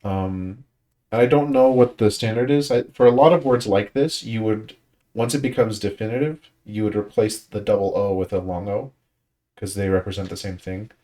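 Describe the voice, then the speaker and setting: In a warm voice on the low side, at a moderate pace, a man guides a language study group through pronunciation. He keeps it casual, thinking aloud and frequently backing up to restart a sentence, with plenty of fillers.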